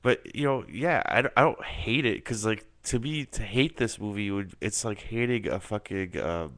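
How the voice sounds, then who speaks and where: A low-voiced man rambles through a casual movie review, his talk full of swearing and filler words. The recording is dry and close, with no room echo. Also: moderate pace, a bit bright. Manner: rambling, profane, filler-heavy. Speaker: amateur film reviewer.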